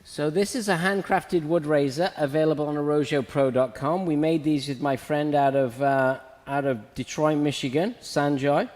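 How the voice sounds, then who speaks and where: This man's fairly high, darkish voice keeps a fairly even intonation at normal speed, barely pausing, with a long reverb tail behind it. He hosts a casual live stream as a hair educator, laughing often while describing the razor haircut he's giving.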